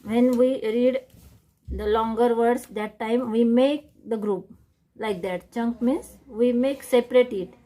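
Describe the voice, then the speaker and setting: A woman teaching a lesson on reading techniques, defining each term slowly and repeating it. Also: on the high side, warm tone. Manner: slow, repetitive, defining terms one by one. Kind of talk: classroom lecture on reading techniques.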